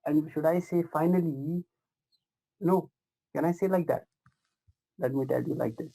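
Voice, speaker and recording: Gravelly, mellow-voiced male lecturer. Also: fairly high pitch, normal speed, rough recording. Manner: repetitive questioning, addresses students warmly as "my dears" and "guys"; frequent fillers and self-corrections. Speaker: pathology teacher. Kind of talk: live online lecture.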